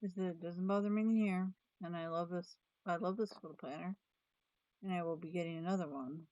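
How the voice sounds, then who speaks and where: A woman's voice: on the low side, steady tone, brisk, darkish tone, no echo, highs cut off. A woman vlogger chatting casually about planners, thinking aloud with restarts and trailing sentences. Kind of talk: casual chat.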